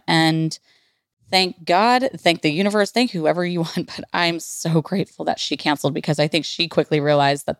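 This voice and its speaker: Podcast host, woman, 30s, candid confessional storyteller, low gravelly voice, dry close recording. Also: dry recording. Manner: candid, swears freely, many "like" fillers.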